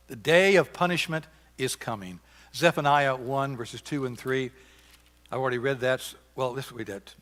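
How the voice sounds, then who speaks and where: A man with a Southern US accent preaching a sermon, reading scripture with rising force and dropping to quiet asides. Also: mid-range voice. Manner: imitates bird calls to illustrate. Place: church sanctuary. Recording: church sanctuary with long reverb.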